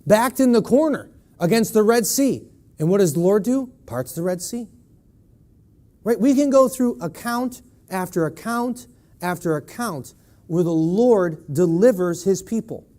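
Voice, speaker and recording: Male preacher, high voice, emphatic sermon, rhetorical questions, church. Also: animated, unhurried, a little mellow.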